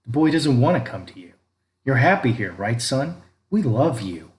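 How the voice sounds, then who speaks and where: A man's voice: mid-range voice, sing-song, normal speed, voice pushed up, lightly acted. A man voicing a cruel, abusive father who speaks in a cold, threatening way. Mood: menacing. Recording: echoey room with faint background noise.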